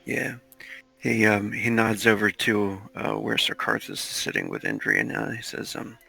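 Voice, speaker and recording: A man describing his character in a tabletop game, quiet and hesitant. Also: lowish voice, sing-song, normal speed, gravelly, slightly rough, soft background music, rough recording. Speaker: player.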